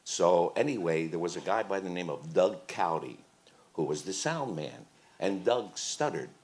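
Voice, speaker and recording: Deep-voiced older man telling lively stories. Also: normal speed. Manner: animated anecdotes with impressions, laughing. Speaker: interview guest, singer. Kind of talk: live Q&A storytelling. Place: event room on a cruise ship.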